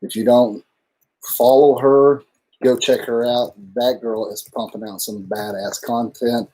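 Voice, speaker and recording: A man's voice: mid-range voice, steady tone, unhurried, mellow. A man co-hosting a casual live stream, talking in a loose, rambling way and swearing freely. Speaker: livestream co-host.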